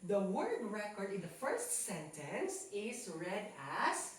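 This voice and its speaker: A woman teaching a class live, her pitch leaping high as she coaxes students to ask and answer. She speaks slowly and deliberately. The sound is echoey and distant, picked up by a camera far off in the classroom. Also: background noise. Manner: animated, coaxing questions to students.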